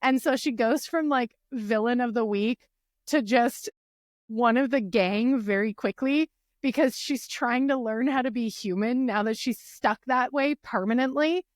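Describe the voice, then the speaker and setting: A woman's voice: fairly high pitch, unhurried, no room sound, studio quality. A woman co-hosting a casual podcast chat, telling stories with feeling and acting out the lines she quotes. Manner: animated storyteller, acts out quotes. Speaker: podcast co-host.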